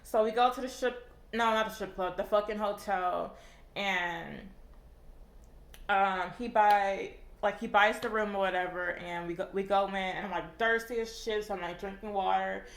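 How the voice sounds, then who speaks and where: A woman's voice: mid-range voice, fairly even intonation, moderate pace. A young woman casually telling a storytime, rambling with lots of fillers and heavy swearing. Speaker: vlogger. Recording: echoey room.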